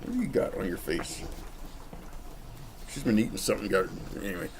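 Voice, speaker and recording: A man with a fairly low voice rambles through a cigar review, joking and chatting straight to the camera. He's outdoors, with a faint hum of background noise behind him. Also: sing-song, a little fast. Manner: chatty, jokey, talks straight to the viewer. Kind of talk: casual rambling vlog review. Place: outdoors in the cold.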